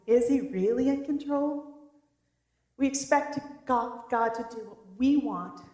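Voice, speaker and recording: High-voiced woman pastor preaching. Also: measured pace. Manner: lively, animated storytelling. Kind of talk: sermon. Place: church. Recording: roomy church echo.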